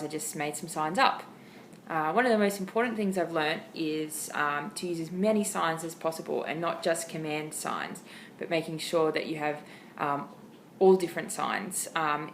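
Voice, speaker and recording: Chatty Australian woman, lowish voice. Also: slight background noise, low-quality recording. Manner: chatty, lots of ums, expressive. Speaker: dog owner giving training tips. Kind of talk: casual how-to talk to camera. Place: home, indoors.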